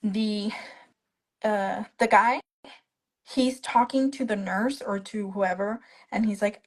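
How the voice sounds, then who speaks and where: Over a phone on a live video stream, a young adult guest who survived a stroke recounts her experience at a slow pace, her pitch sitting in the middle range. Chatty and animated, she keeps voicing the other people's quoted words herself. Audio quality is poor.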